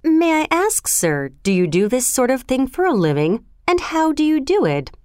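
A polite, curious elderly gentleman, put on by a woman reading a storybook. The voice sits raised and clear, asking with courtesy. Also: high-pitched, big pitch swings, normal speed, dry recording, clean studio sound, pitched above the performer's own voice. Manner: polite, inquiring.

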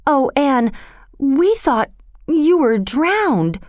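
A woman voicing an excitable young girl who gushes breathlessly. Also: high voice, extremely slow, no echo, clean studio sound, pitched above the performer's own voice, full character voice. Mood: relieved. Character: excitable young girl, tearful best friend.

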